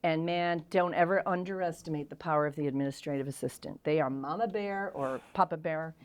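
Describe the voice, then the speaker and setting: A middle-aged woman, a guest on an interview show, telling frank, self-deprecating stories in a candid and animated way. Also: low voice, a little fast.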